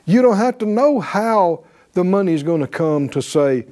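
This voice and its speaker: A man with a high voice preaches at an unhurried pace, stressing his points and checking in with his listeners. His tone is mellow and dark despite the high pitch. He reads scripture aloud and slips into voiced quotes. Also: lively intonation. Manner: emphatic, calls for responses with "right?". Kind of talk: sermon.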